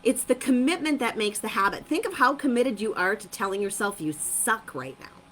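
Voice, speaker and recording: Bright, lively motivational woman. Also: a little high, moderate pace, slight background noise, low-quality recording. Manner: upbeat, emphatic, repeats phrases, laughs often. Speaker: motivational host of a live stream. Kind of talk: live-streamed motivational talk.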